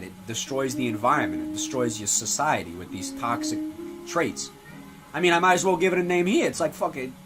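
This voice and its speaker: A swaggering, foul-mouthed mob-style father, as a man acts him out. His tough-guy drawl swoops lively up and down as he needles and lectures. Music plays behind him. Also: mid-range voice, lightly acted, poor audio. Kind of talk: comedy sketch character acting. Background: music playing.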